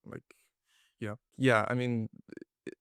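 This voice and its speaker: A man's voice: medium pitch, little pitch movement, slow pace, a bit bright, clean tone, no echo, clean studio sound. A man from Ireland with an Irish accent, a playwright being interviewed, blunt and self-deprecating with frequent swearing. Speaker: playwright guest. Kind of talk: casual interview.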